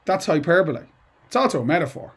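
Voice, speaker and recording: A man's voice: a little high, expressive, quick pace, slightly rough. Chatty, digressive male English teacher. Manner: chatty and digressive, with asides and restarts. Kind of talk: informal lesson to students.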